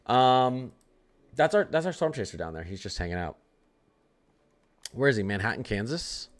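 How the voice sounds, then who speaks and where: A man's voice: medium pitch, sing-song, normal speed. A man hosting a weather livestream in casual chat, joking around and greeting viewers by name. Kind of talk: casual live-stream chat.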